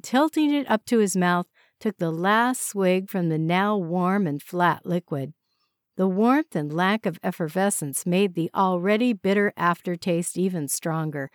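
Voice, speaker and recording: A woman narrating a story in a steady, expressive audiobook style. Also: lowish voice, no room sound, clean studio sound.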